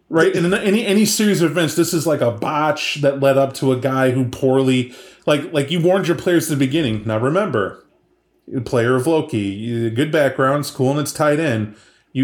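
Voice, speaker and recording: A man hosting a podcast, casually and animatedly retelling a tabletop game session he ran, with many asides. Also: mid-range voice. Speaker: podcast host and game master. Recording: echoey room.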